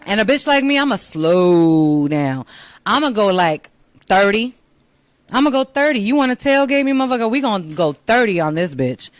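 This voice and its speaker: A woman's voice: on the high side, no room sound. A young woman hosting her own show, ranting bluntly and exasperatedly, with lots of swearing. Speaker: show host. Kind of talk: profane comedic rant to camera. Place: San Diego.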